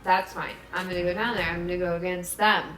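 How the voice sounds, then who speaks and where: A woman's voice: on the low side, steady tone, fast, fairly bright tone, reverberant, faint music behind, close to an everyday voice. A woman doing a curt, confrontational young woman. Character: confrontational young woman reality-show player.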